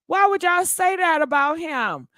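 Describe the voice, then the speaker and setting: Gossip host, woman, high voice, dry close mic, exclaiming and chatty. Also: lively intonation, unhurried, pushed and bright, dry recording. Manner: exclaiming, talks straight to viewers. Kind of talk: live-stream gossip commentary.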